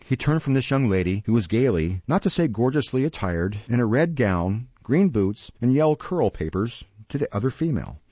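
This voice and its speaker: A man reading a classic novel aloud as an audiobook narrator in a measured way. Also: medium pitch, sing-song, warm tone, slightly rough, no echo, highs cut off. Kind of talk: scripted narration.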